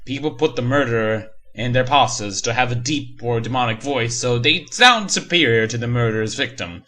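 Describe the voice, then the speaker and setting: A man's voice: medium pitch, expressive, moderate pace, pushed and bright. A man reading a horror story aloud for comedy, breaking in with sarcastic, mocking asides. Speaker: story reader and reviewer.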